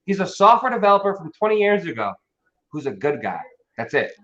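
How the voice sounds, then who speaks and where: A man talking casually on a live stream, animated, emphatic and full of swearing. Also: high-pitched, brisk. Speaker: crypto stream host. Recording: dull lo-fi stream audio.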